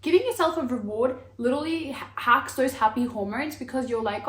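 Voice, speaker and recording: A woman's voice: high-pitched, a little fast, few pauses, fairly bright tone, roomy sound. A woman in her twenties chatting to camera as a lifestyle vlogger, gushing and filling her talk with "like" and "wow.". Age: 20s. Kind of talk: casual chat to camera.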